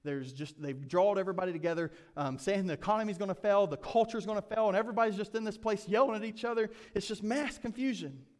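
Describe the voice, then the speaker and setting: Man, preacher, sermon, higher voice, reads scripture and retells it casually. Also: quick pace, hardly any pauses, darkish tone. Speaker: pastor.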